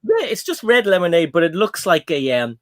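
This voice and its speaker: A man's voice: high voice, huge pitch swings, fairly quick. A man hosting a casual livestream, telling rambling stories full of ums. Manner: rambling storyteller, many ums. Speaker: livestream host. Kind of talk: casual chat while building.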